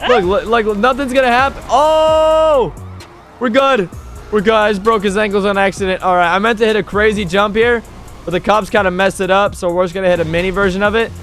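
Excitable high-voiced young male gamer. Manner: excitable, bursts into yelps on jumps and crashes; cheeky taunts at pursuing cops. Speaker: gaming YouTuber and server owner. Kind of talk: live gameplay commentary.

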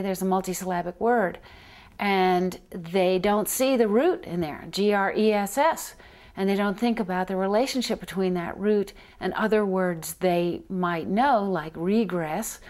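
Measured woman explaining reading research. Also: on the low side, darkish tone. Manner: measured, explanatory, spells out letters. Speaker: reading researcher being interviewed. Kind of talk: explanatory interview talk.

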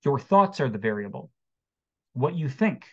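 Animated man giving a webinar talk. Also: mid-range voice, measured pace, husky. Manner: lively, acts out quotes and jokes. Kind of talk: motivational talk to an online audience. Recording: dull lo-fi webinar audio.

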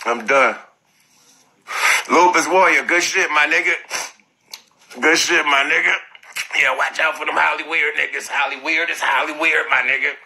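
A man's voice: a little high, steady tone, normal speed, creaky, long pauses, bright, forceful tone, a little hiss or hum, rough recording. A man telling a profane story on a phone live stream, laughing often.

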